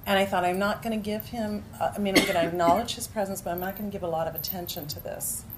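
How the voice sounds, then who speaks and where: Woman, group teacher, lively storytelling, sudden loud cries, noisy background. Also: medium pitch, fast talker. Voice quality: animated, acts out moments with sudden loud cries. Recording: noisy room ambience.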